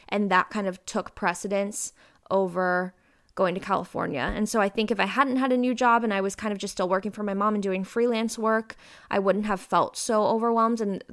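A woman in her twenties talks openly to her listeners in a casual, confessional way. Her voice sits in the middle range and sounds smooth and clear. Now and then she breaks into lively bursts of emphasis. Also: medium pitch. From Ohio. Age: 20s. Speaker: podcast host. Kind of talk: casual personal chat.

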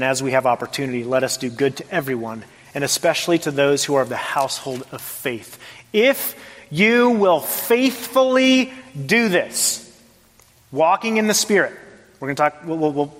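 Emphatic high-voiced male preacher, reverberant hall. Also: a bit bright. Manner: emphatic, varied dynamics, rhetorical questions. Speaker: pastor. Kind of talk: sermon. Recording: long reverb of a large hall.

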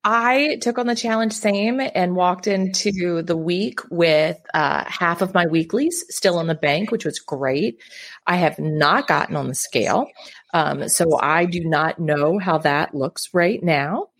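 Woman co-host, low voice, encouraging, asks follow-ups, casual podcast chat. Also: a little slow.

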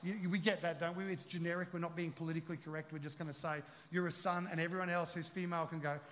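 A man preaching a sermon as pastor, joking and conversational, then building to loud emphatic peaks. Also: on the high side, little pitch movement, quick pace, slight background noise. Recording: long hall reverb.

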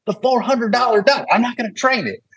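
A man's voice: very high-pitched, brisk, vocal fry, fairly bright tone, slightly rough, dry recording, voice pushed up, exaggerated voice. A man putting on the voice of a blunt good-old-boy male dog trainer while telling a story. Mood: dismissive.

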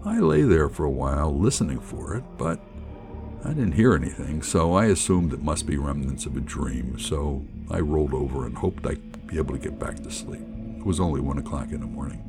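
A middle-aged man telling a personal story in an animated, colloquial, jokey way. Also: a bass voice, fairly quick, over music. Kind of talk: personal anecdote narration.

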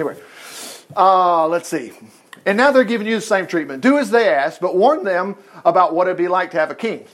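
High-voiced folksy preacher. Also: male voice. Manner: folksy, rambling, with asides and exclamations. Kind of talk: informal Bible teaching.

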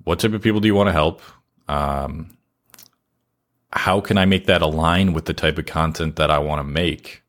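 A man with a very deep, low-pitched voice talks as a podcast guest. He explains his advice earnestly and deliberately, often pausing between his points. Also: fairly even intonation, fairly bright tone. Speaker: podcast guest giving advice on content creation. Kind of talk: casual interview chat.

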